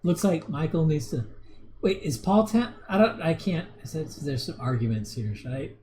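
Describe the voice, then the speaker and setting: A man in his thirties chatting on a casual livestream and reacting to viewer comments. His pitch swings widely and he often restarts sentences between small chuckles. A faint hum of ambient noise sits behind him. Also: animated, normal speed, darkish tone. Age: 30s. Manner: rambling, with many restarts and chuckles. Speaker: livestream host.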